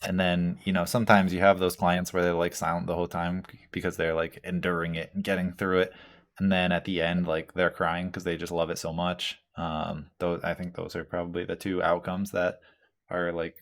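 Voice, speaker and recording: A laid-back man chatting on a tattoo podcast. His voice sits very low and stays fairly flat. He rambles loosely, leaning on filler words and dropping the occasional curse. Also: a little fast. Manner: reads out listener questions. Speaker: tattoo artist and podcast host. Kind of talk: casual chat.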